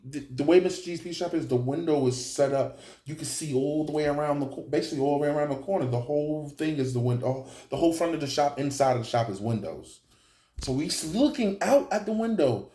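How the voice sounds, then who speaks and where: A young man telling a story in a casual, animated way, full of slang and profanity, often checking in with "right?". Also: fairly high pitch. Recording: roomy echo.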